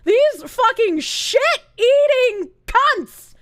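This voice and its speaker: A woman's voice: very high voice, very animated, very slow, no room sound, clean studio sound, pitched above the performer's own voice, heavily acted. A woman putting on a smug male online troll in a sneering, sing-song, sarcastic voice. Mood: mocking.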